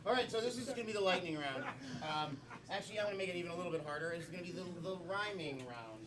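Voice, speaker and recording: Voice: medium pitch, fast. Live improv host, upbeat and giggly, distant mic, noisy crowd. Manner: upbeat, laughing, taking audience suggestions. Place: live comedy theater with audience.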